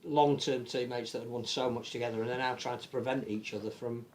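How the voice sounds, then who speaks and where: An English man with an animated manner, chatting casually as a rugby league podcast pundit and often restarting his sentences. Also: medium pitch, brisk, slight background noise. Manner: animated, many restarts and stammered repeats. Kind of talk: casual panel chat.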